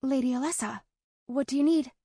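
A woman voicing a courteous young woman companion who speaks gently and a little wryly. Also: sits high, a little fast, husky, no echo, voice pushed up. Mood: earnest.

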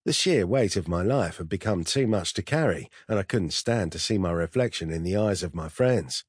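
Deep husky male narrator. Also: lively intonation, normal speed, no room sound, clean studio sound. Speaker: audiobook narrator. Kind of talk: first-person scripted narration.

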